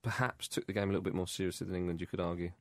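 A man co-hosting a football podcast in casual chat, wry and halting, often laughing between phrases. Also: low voice, steady tone, no echo, clean studio sound. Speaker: podcast co-host.

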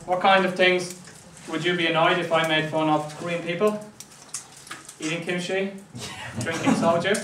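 Male lecturer, conversational, slightly high-pitched, recorded from afar in a roomy classroom with faint hiss. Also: level tone, moderate pace. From Ireland. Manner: conversational, checks in with "right?" often. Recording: echoey classroom, mic at a distance.

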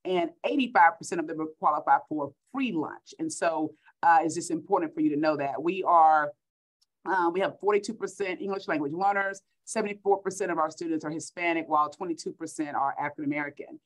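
A woman's voice: sits low, a little fast, rough recording. A middle-aged woman from Texas with a Texan accent, a school superintendent giving an upbeat keynote speech over a video call, repeating words for emphasis.

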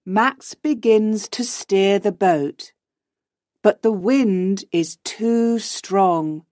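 Woman narrator for learners, clear and unhurried, dry close sound. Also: medium pitch, a little mellow, dry recording. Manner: slow, clear, simple reading. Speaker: audiobook narrator. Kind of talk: graded reader narration for learners.

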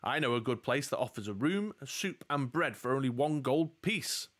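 A man's voice: mid-range voice, animated, normal speed, fairly bright tone. A man voicing a shifty old man in rags, coaxing a stranger. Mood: wheedling.

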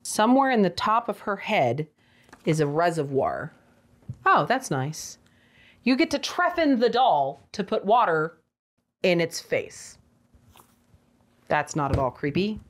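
A woman's voice: on the low side, very animated, unhurried, pauses often. A young adult woman giving a casual toy review, with sarcastic, exasperated asides.

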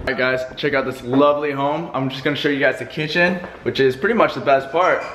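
A young man talking casually to his camera as a real estate agent, excited and rambling with restarts. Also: mid-range voice, fast talker. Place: outdoors and in a car, then inside a house. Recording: noisy outdoor and car ambience. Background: air conditioning and traffic noise.

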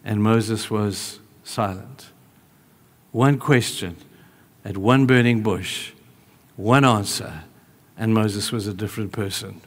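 A male preacher delivering a sermon, telling a story in an animated way, moving between hushed and raised delivery. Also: lowish voice, slow pace, long pauses, big-room sound.

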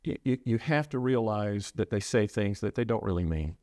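A low-voiced middle-aged man speaks with earnest, halting sincerity, often stumbling and restarting mid-thought. He sounds like a preacher recounting something personal. The recording is dry and close, with no room sound. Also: expressive, a little mellow, no echo. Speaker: preacher sharing his loss. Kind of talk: reflective interview talk.

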